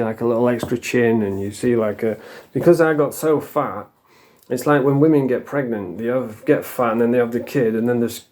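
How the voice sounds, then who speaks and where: A man's voice: mid-range voice, darkish tone. A middle-aged man from England, talking casually and bluntly to camera, rambling and swearing freely. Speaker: vlogger.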